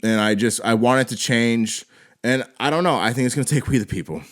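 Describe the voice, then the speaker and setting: A man's voice: medium pitch, fairly quick. A man hosting a solo film-review podcast, ranting with constant swearing, exasperated and rambling with frequent restarts.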